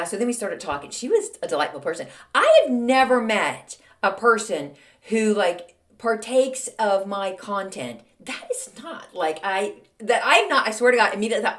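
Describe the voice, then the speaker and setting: A woman's voice: mid-range voice, very animated, a bit bright. Chatty snarky woman podcaster. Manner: snarky, chatty, exasperated rants with quick asides. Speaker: podcast host. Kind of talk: casual solo podcast monologue.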